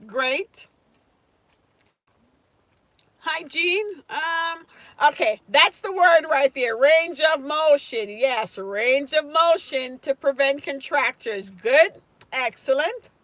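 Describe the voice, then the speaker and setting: High-voiced chatty woman nursing tutor. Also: animated, fairly bright tone, dry recording. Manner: chatty, answers viewers' comments by name, quick asides and laughter. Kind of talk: casual live-stream exam review.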